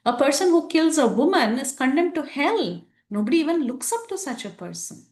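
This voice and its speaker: A woman's voice: high-pitched, very animated, brisk, a little mellow, reverberant, pitched above the performer's own voice. A woman voicing a male monkey warrior hero who scolds in an indignant tirade. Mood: outraged.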